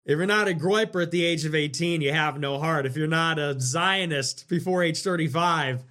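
A man hosting a livestream, talking casually and sarcastically in a rambling way that swings between loud and muttered. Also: on the high side, normal speed. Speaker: livestream host. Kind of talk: casual livestream talk reading viewer messages.

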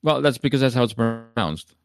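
A man's voice: mid-range voice, brisk, creaky. A young man from South Africa with an Afrikaans accent, chatting casually on a livestream and explaining things between laughs. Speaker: stream co-host.

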